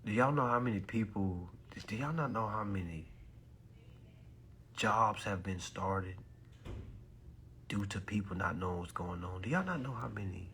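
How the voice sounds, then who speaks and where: A man, ranting loudly and preachily about banks, lawyers and people's rights, swearing as he goes. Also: sits low, a little hiss or hum. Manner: loud, animated, preachy, swearing, mocking voices. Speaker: consumer advice live streamer. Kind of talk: heated ranting talk.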